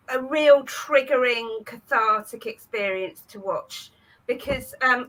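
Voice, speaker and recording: A woman's voice: fairly high pitch, pushed and bright, low-quality recording. A woman comedian telling dry, self-mocking stories on a headset over a video call. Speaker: comedian panelist. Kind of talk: stand-up style chat on a video call.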